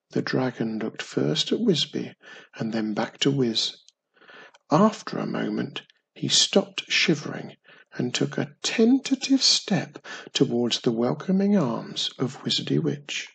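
A storyteller reading a children's tale at an unhurried pace. The voice is deeply gravelly and very raspy, with the rough grain carrying through every line, and the pitch stays in a middle range. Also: sing-song, a bit bright.

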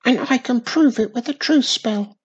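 A woman voicing a tiny young girl witch with a squeaky, shrill, commanding voice. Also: normal speed, slightly rough, muffled recording.

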